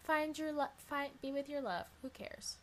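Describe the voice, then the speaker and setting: A young woman co-hosting a casual movie podcast, agreeable and animated, swearing freely. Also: high-pitched, moderate pace. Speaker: podcast co-host. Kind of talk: casual chat.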